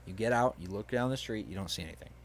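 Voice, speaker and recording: A man acting as game master, casually narrating a hypothetical scenario and chuckling at the player's choices. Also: fairly low pitch. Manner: casual, chuckling, quick to play characters.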